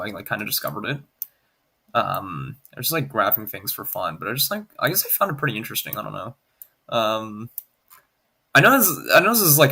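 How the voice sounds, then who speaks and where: Lively gravelly young-sounding streamer man. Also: mid-range voice. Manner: rambling, heavy on "like" fillers, reads chat aloud. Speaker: streamer graphing in Desmos. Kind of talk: casual livestream chat.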